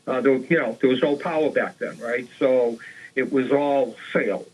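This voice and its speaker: A man's voice: medium pitch, normal speed, a little mellow, low-quality recording. A male co-host of a paranormal talk show, retelling an old crime case in a casual way, with fillers and restarts. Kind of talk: storytelling a true crime case.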